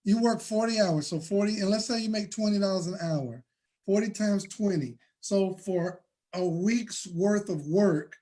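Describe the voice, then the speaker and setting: A man hosting a motivational money talk, preaching and building to shouts. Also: high-pitched. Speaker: host.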